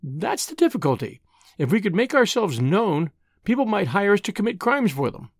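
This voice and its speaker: In an audiobook reading, the reader voices a spirited young woman full of schemes, speaking briskly and teasingly at a medium pitch. Her voice swings lively up and down, and the recording is dry and close.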